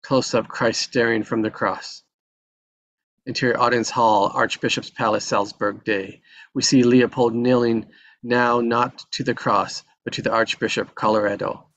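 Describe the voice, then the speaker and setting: Creaky-voiced man reading stage directions. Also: medium pitch, fairly even intonation, measured pace, a bit bright. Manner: plain, matter-of-fact.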